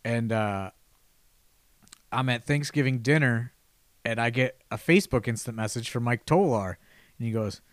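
A man's voice: mid-range voice, normal speed, pauses often, no echo, studio quality. A man hosting a casual podcast chat, telling a long, rambling anecdote with lots of "you know" and false starts. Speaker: podcast host telling a story.

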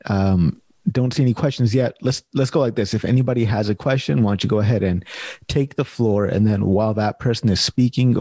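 A man hosting an online happy hour over a video call, chatting in a relaxed way and calling people "man". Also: lowish voice, no room sound. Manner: laid-back, chatty, says "man" often. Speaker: host. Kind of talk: casual chat.

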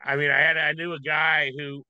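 A man's voice: on the high side, flat delivery, fairly quick, smooth, dry recording, dull audio. A man co-hosting a casual podcast, agreeing eagerly and swearing freely. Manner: enthusiastic, profane agreement. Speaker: podcast co-host.

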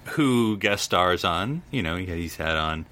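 A man's voice: low-pitched, lively intonation, measured pace, sharp tone. A man co-hosting a podcast, chatting casually and rambling with lots of fillers. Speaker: podcast co-host. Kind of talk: casual chat.

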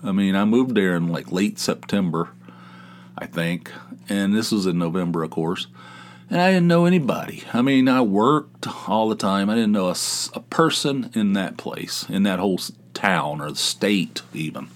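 A man's voice: sits low, lively intonation, moderate pace. A middle-aged man from West Virginia hosting a podcast from his home office, telling stories in a rambling, self-deprecating way with many asides and restarts. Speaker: podcast host. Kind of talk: casual storytelling monologue.

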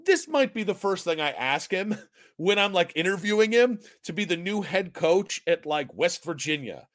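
A fairly high-voiced man co-hosts a sports podcast, chatting casually in a rambling, self-mocking way that often tips into giggling. The sound is dry and close, with almost no room around him. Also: sing-song, normal speed, fairly bright tone, no echo. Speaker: podcast co-host.

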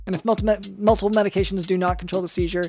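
A man's voice: sits high, level tone, very fast, over music. A man who is a doctor hosting a comedy podcast, reading medical notes with hesitant fillers between jokes.

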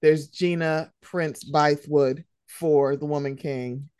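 Young woman, podcast host, casual gossip, slangy and animated, lowish voice, dry close sound. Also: slow, smooth, no echo. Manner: animated, swears freely, slangy. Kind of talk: casual pop-culture chat.

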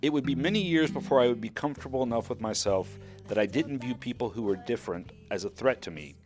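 A man telling a personal story in the first person, with wry, mocking asides, over a soft music bed. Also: medium pitch, fast talker.

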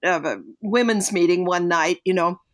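An older woman with a lowish voice, speaking at normal speed, co-hosts a casual podcast and appears as a parenting guest. She tells parenting stories in an earnest, reflective way and turns animated whenever she quotes someone.

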